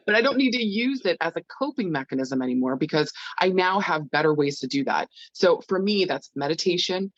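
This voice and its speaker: Woman guest, deep voice, salty and unfiltered, lively ups and downs, dry lo-fi sound. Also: a little fast, hardly any pauses, no room sound. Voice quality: deep, low voice. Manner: blunt, profane and animated. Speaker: medium and guest. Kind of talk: casual chat.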